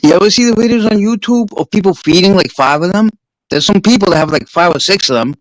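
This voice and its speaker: A man's voice: sits high, fast talker, no room sound, low-quality recording. A man with a New York accent, a streamer swapping stories in a casual, profane chat. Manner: profane, animated storyteller.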